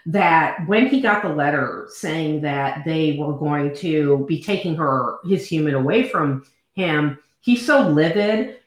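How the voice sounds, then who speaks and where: A woman recapping a novel in a casual book chat, expressive and acting out the characters' lines. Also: low voice, slow. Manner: expressive, acts out quoted lines. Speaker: book podcast co-host. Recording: very echoey room.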